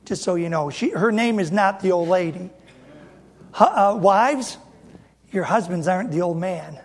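A man's voice: high-pitched, lively intonation, unhurried. A man in his fifties preaching a sermon as a pastor, folksy and emphatic, with repeated rhetorical questions.

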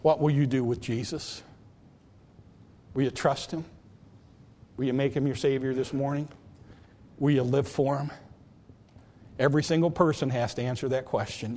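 The speaker is a male pastor with a mid-range, slightly mellow voice. Standing in the church sanctuary, he preaches a sermon, earnestly repeats questions to the congregation, and then leads them in prayer during an altar call.

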